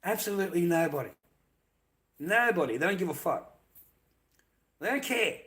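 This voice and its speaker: Speaking at a moderate pace with lively intonation, a middle-aged Australian man rants directly at his viewers. His slightly high voice carries a sharp, bright edge, and he is mocking, sarcastic and heavily profane.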